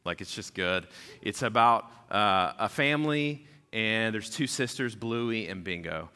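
A pastor in his thirties preaches in an easygoing, animated way, full of asides. His voice is bright and forward, with a long reverb trailing through the hall. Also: lowish voice, a little slow, clear, resonant tone. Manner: casual, animated storyteller. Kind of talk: sermon.

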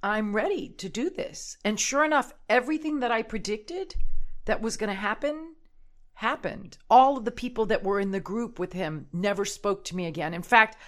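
A woman's voice: mid-range voice, moderate pace. A woman in her forties, animatedly telling a personal story on a casual podcast and acting out what people said. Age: 40s. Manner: animated, acts out quotes.

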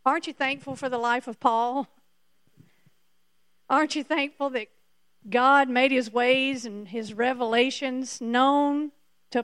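A woman's voice: a little high, fairly bright tone, smooth, no room sound, clean studio sound. A woman preacher giving a sermon emphatically, repeating her points to the congregation.

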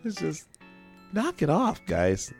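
A man's voice: fairly high pitch, huge pitch swings, slow, creaky, soft background music. A man co-hosting a podcast, chatting loosely through the news with a rambling, jokey manner. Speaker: podcast co-host. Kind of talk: casual news chat. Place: local radio studio.

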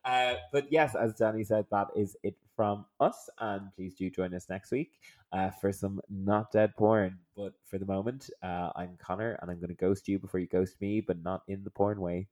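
Low-voiced man hosting a podcast. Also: fairly even intonation, moderate pace, darkish tone. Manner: rambling, self-deprecating, laughs often. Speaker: podcast co-host. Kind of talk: casual chat.

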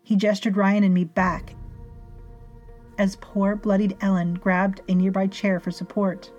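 A woman narrating a story in a measured, dryly amused way. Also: medium pitch, little pitch movement, darkish tone, lo-fi sound. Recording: faint music behind.

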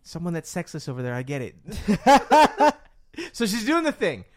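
A man's voice: high-pitched, moderate pace. A man hosting a casual podcast chat, telling stories with lots of laughter and acted-out voices. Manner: animated storyteller, laughs often, acts out voices in anecdotes. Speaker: podcast host.

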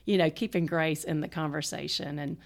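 A middle-aged woman hosting a parenting podcast, telling stories in an animated, casual way and laughing often. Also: low-pitched, brisk, gravelly. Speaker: podcast host. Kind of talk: casual conversational storytelling.

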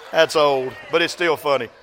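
An older man, a grandfather, preaching a sermon as pastor, swinging from loud exhortation to soft, slow storytelling. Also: on the high side, background noise.

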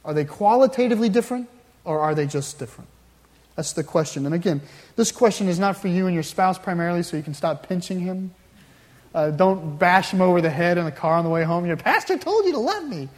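A man's voice: high voice, a little fast, darkish tone. A male pastor preaching a sermon in a conversational storytelling way, with wry asides. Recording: long hall reverb.

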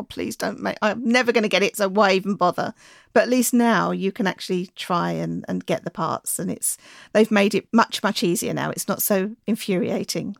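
A woman talking casually as a guest on a podcast, explaining things in a relaxed, friendly way. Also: mid-range voice, vocal fry, dry recording, studio quality. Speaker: bird enthusiast guest.

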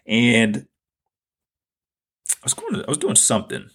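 Gravelly, husky man telling a personal story. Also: mid-range voice, wildly swooping pitch, a little slow, fairly bright tone. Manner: earnest, reflective, repeats phrases for emphasis. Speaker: podcast host.

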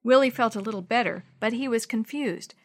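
A woman's voice: a little high, fairly quick. Woman reading a children's storybook. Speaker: storybook reader. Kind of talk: scripted narration of a children's chapter book.

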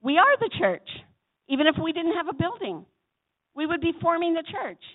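A woman preacher delivering a sermon in a church chapel, swinging between loud exhortation and soft asides and calling on the congregation to answer. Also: very high-pitched, big pitch swings, normal speed. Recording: tinny phone-like sound.

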